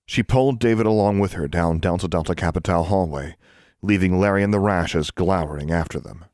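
A man reading a children's fantasy audiobook in steady, measured narration. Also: sits low, no room sound, clean studio sound. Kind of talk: scripted narration.

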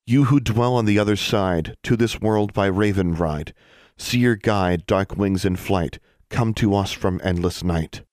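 A man voicing a sharp-tongued, defiant teenage witch girl, blunt and snappish in an audiobook. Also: lowish voice, measured pace, no room sound, clean studio sound, natural voice. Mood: chanting. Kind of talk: audiobook character voice.

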